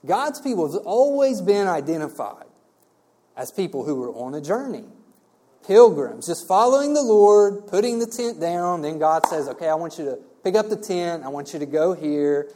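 Mellow-voiced man teaching scripture. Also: fairly high pitch, animated, moderate pace. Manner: conversational, asks rhetorical "right?" checks. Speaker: preacher. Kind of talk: verse-by-verse Bible teaching.

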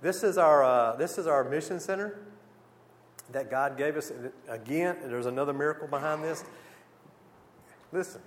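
A man giving a church mission presentation with slides, a lively storyteller who acts out the conversations he describes. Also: on the high side, normal speed, pauses often, slight background noise. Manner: lively storyteller, acts out dialogue, exclaims "whew". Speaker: missionary speaker.

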